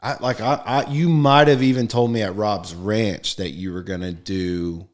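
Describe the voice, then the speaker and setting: A man hosting a podcast, chatting casually and teasing his guest with quick interjections and laughs. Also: on the low side, steady tone. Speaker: podcast host.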